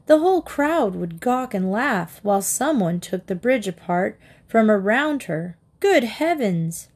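A woman's voice: mid-range voice, animated, a little slow, a little mellow, slightly rough. Woman reading a children's book aloud. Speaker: storybook reader.

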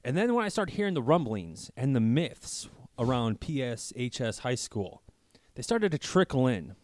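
A man's voice: medium pitch, big pitch swings, moderate pace, a little mellow, dry recording. A man hosting a casual podcast, telling rambling stories loosely and profanely, acting out what others said. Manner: rambling storyteller who acts out both sides of conversations; loose and profane, with many fillers. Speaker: podcast host. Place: podcast room at his workplace.

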